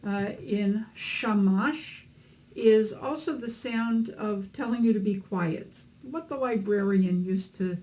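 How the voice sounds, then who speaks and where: Lady teacher walking through letter sounds slow and patient, says uh a lot. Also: mid-range voice, warm tone, poor audio. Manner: patient, explains sounds slowly with fillers. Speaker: Hebrew reading teacher. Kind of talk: instructional lesson narration.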